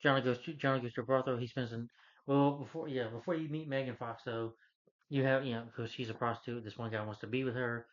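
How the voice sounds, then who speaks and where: Male reviewer, average pitch, rambling casual recap rant, muffled lo-fi sound. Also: fairly even intonation, fast talker. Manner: rambling, loose retelling full of "he's like". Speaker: movie reviewer. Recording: dull lo-fi recording.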